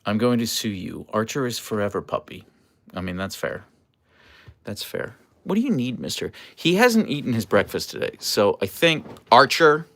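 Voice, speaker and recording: A man with a gravelly, fry-edged voice hosts a casual pet livestream. His pitch swings widely as he chats with viewers and slips into playful high baby-talk with his dog. He sounds a bit sleep-deprived but upbeat. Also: sing-song, moderate pace, a bit bright. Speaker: livestream host with pet huskies. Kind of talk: casual livestream chat to pets and chat.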